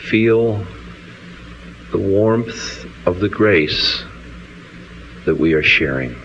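A man with a very deep voice leads a guided meditation. He speaks in an unhurried, soothing way and stretches his phrases out. The recording is dull and lo-fi, with a faint hiss of ambience behind him. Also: lively intonation, fairly bright tone. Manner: slow, soothing, drawn-out phrases. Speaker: meditation leader.

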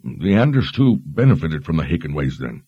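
A man's voice: low-pitched, brisk, husky, dry recording, highs cut off. A man voicing a curious young male traveller who asks questions and gives practical instructions.

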